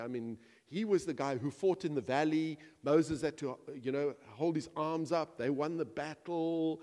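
A man preaching a sermon to his church, animated and humorous, acting out imagined voices and asides. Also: on the high side, normal speed, hardly any pauses, big-room sound. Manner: animated, acts out quoted voices, jokes with the congregation. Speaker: pastor.

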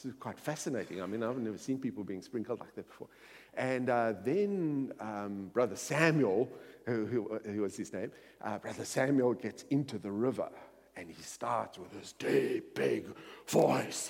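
A man's voice: medium pitch, mellow, breathy edge. A middle-aged man preaching in a storytelling way, his voice rising and falling widely. He wanders through anecdotes with plenty of filler words, and a long echo trails each phrase around the hall. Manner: rambling anecdotal with many fillers. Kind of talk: storytelling sermon.

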